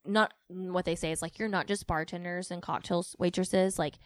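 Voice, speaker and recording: Chatty woman, low voice, dry sound. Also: steady tone, normal speed, no room sound. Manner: chatty, filler-heavy, with frequent likes and ums. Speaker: podcast co-host. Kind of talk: casual chat.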